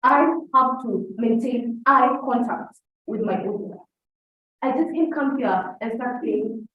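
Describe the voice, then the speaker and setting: At normal speed and with a voice on the high side, a young Kenyan-English-accented woman gives a prepared debate speech in an oratorical style, often speaking directly to her audience. The sound comes from a distant, dull mic in a very echoey hall.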